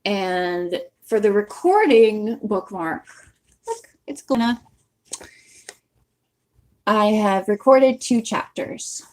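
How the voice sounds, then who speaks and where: A woman's voice: mid-range voice, expressive, takes it slowly, pauses often. A woman hosting a book-reading channel, chatting casually and rambling to her viewers and laughing at herself. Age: young adult or older, has owned a bookmark since the nineties. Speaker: channel host who reads books aloud.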